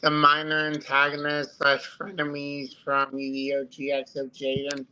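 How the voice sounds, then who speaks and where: A man with a fairly high voice talks slowly and haltingly, pausing often with fillers as he chats on a live stream. The recording carries clear background noise throughout. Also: monotone, sharp tone. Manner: slow and halting, many fillers. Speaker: guest Funko collector. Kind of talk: casual live-stream chat. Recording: noisy background.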